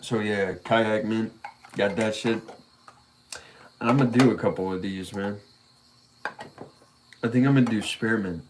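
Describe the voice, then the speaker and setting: A man's voice: lowish voice, fairly even intonation, measured pace, pauses often, a little hiss or hum. A man talking casually on his stream, telling a rambling story in a laid-back way, full of profanity and chuckles. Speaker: vlogger. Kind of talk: casual chat.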